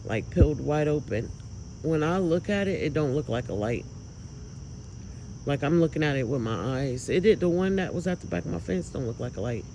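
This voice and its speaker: A man filming outdoors at night, talking to viewers in an emotional, awed, exclaiming way with drawn-out words. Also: fairly high pitch, animated, creaky, dark tone, a little hiss or hum, low-quality recording. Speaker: vlogger filming lights at night. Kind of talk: excited casual commentary to viewers.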